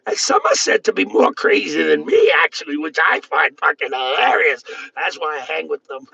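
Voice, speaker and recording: A man ranting on a livestream, profane and erratic, swinging between yelling and low muttering, with a raspy, gravelly voice. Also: expressive, moderate pace. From Boston area. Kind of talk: angry livestream rant. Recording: dull lo-fi sound.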